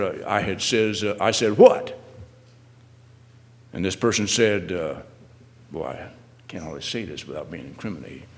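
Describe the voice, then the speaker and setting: A male minister preaching a sermon, swinging from loud, pressing questions to quiet asides and often repeating his words. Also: on the low side, in a large hall.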